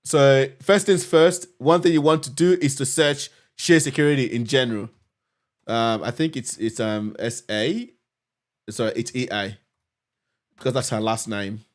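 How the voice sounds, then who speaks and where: Unhurried and medium in pitch, a man hosts a live cybersecurity tutorial over screen share. He's upbeat and conversational, addressing his viewers directly as the instructor of the session.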